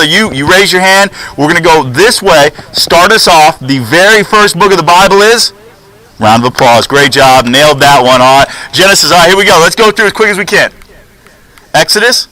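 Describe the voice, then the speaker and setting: A man teaching a junior high class, upbeat and coaching as he calls on students one by one. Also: sharp tone, rough recording. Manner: upbeat, coaching, quick back-and-forth with students. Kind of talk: classroom lesson. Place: school classroom.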